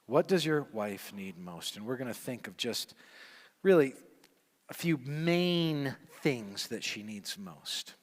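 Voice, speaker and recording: A man teaching a men's session in sermon style, emphatic and repetitive, swinging from hushed asides to loud declarations. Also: medium pitch. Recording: long hall reverb.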